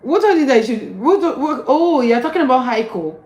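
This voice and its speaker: A woman teaching an online group class, correcting and prompting students in a direct, brisk way over a video call. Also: high voice, very animated, a little mellow. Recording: echoey room, faint background noise.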